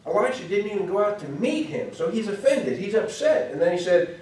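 High-voiced with big pitch swings, a Midwestern American preacher speaks fairly quickly with few pauses and a slightly mellow tone. His sermon lesson unfolds as chatty storytelling full of asides, and the distant mic picks up the echo of a church hall.

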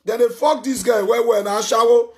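A man with a Nigerian Pidgin English accent hosting a live call-in show, loud, scolding and repetitive. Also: very high-pitched, fairly even intonation, a little fast. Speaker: talk show host taking calls.

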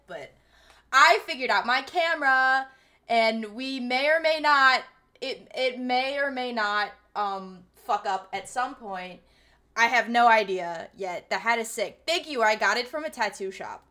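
A woman's voice: on the high side, pushed and bright. A young woman in her twenties streaming, chatting casually and playfully, swearing and reading chat aloud.

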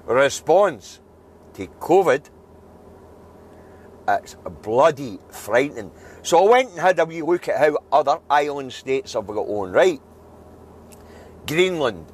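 A man's voice: medium pitch, slight background noise. A Scottish man giving an angry, blunt news review, swearing freely and building to emphatic outbursts. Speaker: political video commentator.

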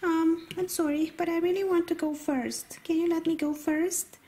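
A woman voicing an eager little puppy toy in a pretend play video, in a high, bouncy, pleading way. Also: fairly even intonation, normal speed, dark tone. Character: eager little puppy, pushy about going first.

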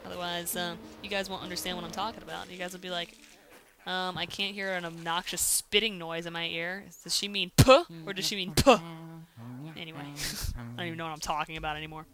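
A woman casually commenting on a video game as she plays, chatty and excitable, breaking into sudden loud exclamations and silly rhymes, on a home mic without a pop filter. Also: lowish voice, fast, a crowd in the background. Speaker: let's play host. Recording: game music behind voice. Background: game music.

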